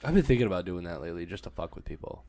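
A man's voice: sits low, racing. A young man, co-hosting a podcast in casual chat and acting out other people's lines as he tells stories. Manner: animated storytelling, acts out other people's lines. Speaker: podcast co-host.

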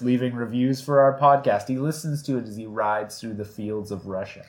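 A man's voice: medium pitch, fairly even intonation, normal speed. Man joking on a podcast. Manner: joking, sarcastic. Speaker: podcast co-host. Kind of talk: casual chat.

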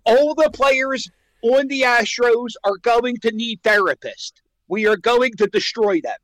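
Fired-up boastful man, high voice. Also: measured pace, a bit bright, no echo, low-quality recording. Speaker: caller. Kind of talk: excited sports chat on the radio.

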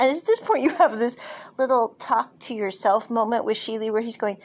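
A woman's voice: fairly high pitch, fairly quick. Chatty woman podcast host. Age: adult, parent. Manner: chatty, laughs often, frequent asides. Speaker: podcast host reviewing a drama series. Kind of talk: casual recap and review.

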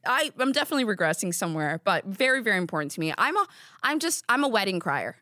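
A woman's voice: a little high, big pitch swings, quick pace, bright, forceful tone, no echo. A young woman hosting a podcast in a studio, chatting casually in a rambling, giggly, self-deprecating way. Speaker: podcast host. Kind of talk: casual chat.

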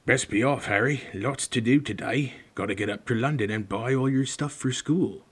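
A man reading the part of a big, gruff, friendly giant who talks in a folksy way, in a husky voice. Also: mid-range voice, moderate pace, natural voice. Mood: brisk. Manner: folksy, dropped words.

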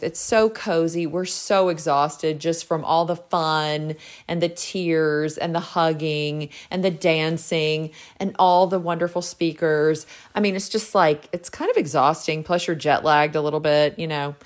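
A woman's voice: low voice, fairly even intonation, a little slow. A middle-aged woman, a realtor hosting her own show, telling a casual story in a bubbly, gushing way full of "like.". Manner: bubbly and gushing, heavy use of "like". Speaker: realtor and podcast host.

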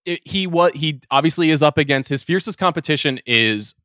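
A man co-hosting a casual podcast chat, animated and jokey, often laughing as he talks. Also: on the high side, a little fast, no room sound, clean studio sound. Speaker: podcast co-host.

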